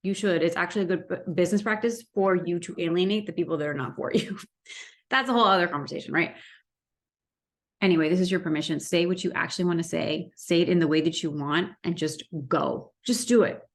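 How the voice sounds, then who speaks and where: A woman in her thirties giving candid business coaching advice to camera, animated and asking rhetorical questions. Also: on the low side, a little fast.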